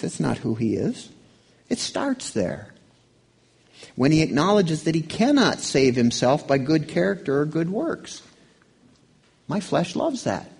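A man delivers a sermon in a relaxed, conversational way, asking his listeners questions. His voice is gravelly and a little husky. His pitch moves up and down a lot as he preaches. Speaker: pastor.

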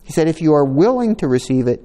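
A man's voice: fairly high pitch, sing-song, fast, dark tone. A man preaching a sermon, reading scripture aloud and breaking in with casual asides. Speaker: pastor. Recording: long hall reverb.

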